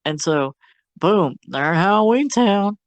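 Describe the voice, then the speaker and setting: A man's voice: sits high, animated, a little slow, dry recording. A man co-hosting a movie review podcast in casual chat, retelling a plot with slangy jokes and playful put-on voices.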